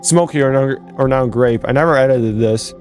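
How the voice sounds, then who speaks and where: A man's voice: mid-range voice, normal speed, a little mellow, soft background music. A young man, a fan game developer, casually commenting over footage, rambling and correcting himself as he goes. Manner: rambling, self-correcting, laughs at own jokes.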